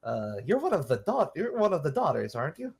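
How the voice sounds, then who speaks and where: A man's voice: on the high side, huge pitch swings, brisk, vocal fry, darkish tone, breathy edge, heavily acted. A man voicing a pompous male merchant board member in a tabletop game. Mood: smug.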